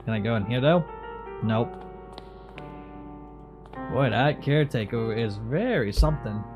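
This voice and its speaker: A man's voice: mid-range voice, lively intonation, measured pace, darkish tone, muffled recording, soft background music. A man casually commenting while playing a video game, joking about what he sees. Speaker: gamer. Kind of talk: let's play commentary.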